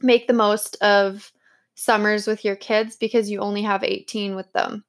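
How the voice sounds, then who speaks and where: A woman's voice: mid-range voice, flat delivery, moderate pace. A young woman hosting a podcast, chatting casually and laughing often as she acts out quotes. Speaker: podcast host. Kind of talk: casual chat.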